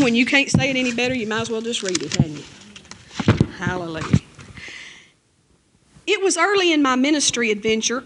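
Emphatic woman preaching a sermon. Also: a bit bright. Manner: emphatic, rising to high pitch on key phrases; conversational asides, 'you know'. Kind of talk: sermon with scripture reading.

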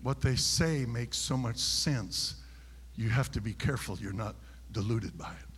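A male pastor preaching a sermon, telling a story quietly and then shouting his points. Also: medium pitch, measured pace, in a large hall, a little hiss or hum.

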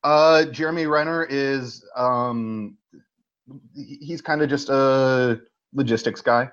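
A man co-hosting a podcast, telling a movie plot in a casual, animated way and swearing freely. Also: medium pitch, takes it slowly, clean tone, highs cut off. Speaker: podcast co-host. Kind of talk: casual movie recap chat.

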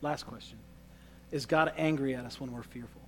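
A man leading a church service as pastor, preaching in an energetic, emphatic way. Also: mid-range voice, moderate pace, a little hiss or hum. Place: church sanctuary.

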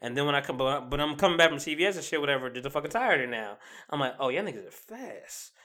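A young man in casual podcast chat, his voice bright and forceful. He tells long rambling stories with a lot of swearing and frequent laughter. His pitch sits a little high for a man. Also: very fast. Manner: animated storytelling, swears a lot, laughs often. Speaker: podcast co-host.

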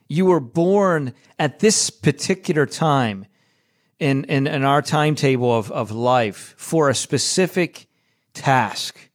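Chatty man telling a faith story. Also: on the high side. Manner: chatty and conversational, with tag questions and laughs. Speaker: podcast host. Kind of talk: casual faith-based storytelling.

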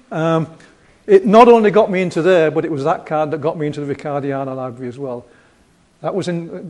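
A man's voice: on the high side, darkish tone. A man with a Yorkshire accent giving a casual lecture over slides, rambling and chatty with self-deprecating humor.

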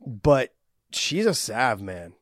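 A man's voice: medium pitch, big pitch swings, slow pace, fairly bright tone, no room sound, studio quality. A man hosting a podcast in casual chat, easygoing and rambling, swearing freely. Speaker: podcast host.

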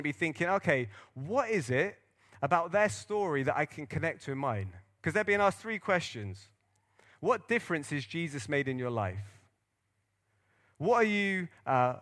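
A man with a fairly high voice preaches a sermon as a pastor. He speaks in an earnest, animated way and lets his tone rise and fall as he tells a story.

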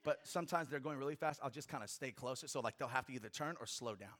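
A man preaching a sermon as pastor, swinging from loud, intense passages to hushed ones, with humorous personal asides to the congregation. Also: medium pitch, fast.

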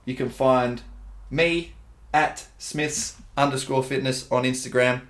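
Brief: Australian gym-owner podcast host, relaxed, swears a lot, calls everyone bro. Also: male voice, medium pitch, slow. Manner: laid-back, swears freely, calls listeners dude and bro. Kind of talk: casual podcast chat.

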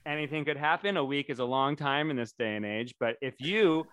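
A man's voice: mid-range voice, brisk, fairly bright tone, clean tone, no echo. A man co-hosting a podcast, chatting casually in a rambling, jokey, self-promoting way. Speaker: podcast co-host. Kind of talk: casual chat.

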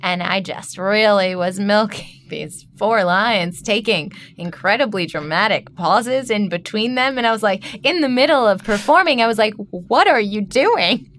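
A woman's voice: mid-range voice, moderate pace, few pauses. A woman from New York chatting in a studio, an actor who tells stories animatedly and acts out what people said. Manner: animated storyteller, acts out quotes, laughs often. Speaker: co-host, actor. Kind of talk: casual chat.

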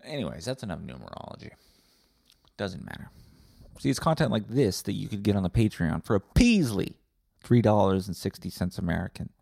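A man rants alone into a close mic in a low, gravelly, dark voice. He is sarcastic and profane, and he keeps cutting himself off. The sound is dry, with no room echo. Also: sing-song, a little fast. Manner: sarcastic, profane, self-interrupting. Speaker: podcast host. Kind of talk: solo rambling podcast rant.

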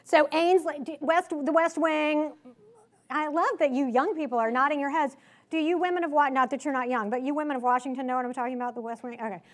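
A woman's voice: high-pitched, fairly even intonation, fast. A woman with a slight Southern accent giving a political speech to a live audience, emphatic and sarcastic, full of rhetorical questions. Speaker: conference speaker. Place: conference hall.

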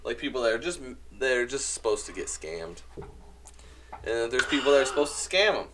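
A man's voice: medium pitch, very animated, brisk, background noise. Blunt man musing in casual chat. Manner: blunt, swearing, musing aloud.

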